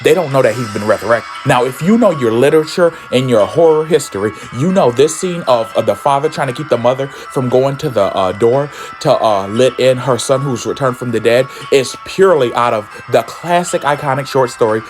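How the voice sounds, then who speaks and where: Man, casual comic book recap, campy and sassy, cussing asides, average pitch, faint music behind. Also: expressive, a little fast, few pauses. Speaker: storyteller.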